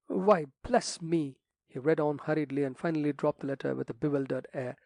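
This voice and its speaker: A man narrating a classic mystery audiobook in a measured storytelling read. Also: mid-range voice, little pitch movement, gravelly, dark tone, no room sound. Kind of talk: scripted narration.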